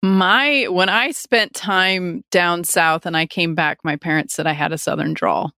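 A woman's voice: on the low side, steady tone, measured pace, bright, forceful tone, dry recording, clean studio sound. A woman co-hosting a casual podcast, talking in a rambling way with restarts. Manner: rambling, with frequent restarts and laughs. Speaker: podcast co-host.

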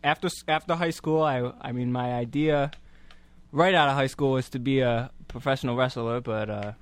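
Deadpan hesitant man, dry sound. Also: medium pitch, clean tone, no room sound. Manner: halting, hesitant delivery with many fillers. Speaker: comedy podcast guest. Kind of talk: deadpan improvised comedy.

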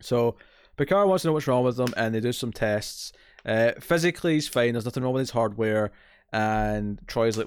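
A man co-hosting a casual podcast chat, retelling scenes in lively fashion, acting out voices and laughing often. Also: mid-range voice, normal speed, clean tone, no echo. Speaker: podcast co-host.

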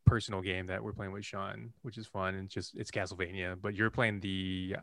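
A man's voice: deep voice, flat delivery, moderate pace, vocal fry, no room sound. A man co-hosting a podcast in casual chat, joking around and rambling loosely. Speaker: podcast co-host.

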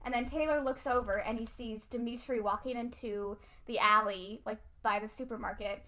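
A woman's voice: on the high side, fairly even intonation, moderate pace, bright, forceful tone. A young woman casually recapping a movie in a chatty way, laughing often and saying "like" a lot.

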